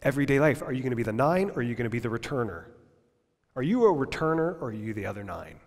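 Male pastor, passionate sermon delivery that drops to hushed whispers, mid-pitched voice, long hall reverb. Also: expressive, quick pace. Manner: impassioned, swings from loud to near-whispers. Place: church service.

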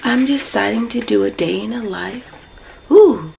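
A woman whispering her casual, rambling morning vlog in a dark home kitchen, phone camera held close. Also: mid-range voice, moderate pace, creaky, low-quality recording. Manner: whispering softly so the kids sleep; chatty, rambling, self-conscious. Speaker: vlogger, mother of four.

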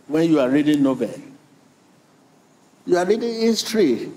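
A man's voice: on the high side, sing-song, normal speed, darkish tone. A man preaching a sermon with emphatic repetition, drawing in the congregation. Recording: long reverb of a large hall.

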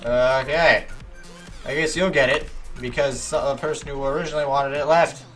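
A man giving animated let's-play commentary, yelping and talking back to the game's characters as he plays. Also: medium pitch, moderate pace, faint music behind. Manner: animated, yelps at game characters. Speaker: gaming YouTuber.

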